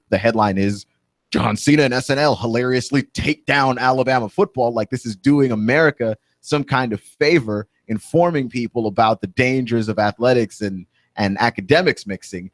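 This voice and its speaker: A man in a radio studio delivers a heated, opinionated monologue at a mid-range pitch. He presses his points with indignant emphasis, and the recording is close and dry with no room sound. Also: dry recording. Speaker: radio talk show host.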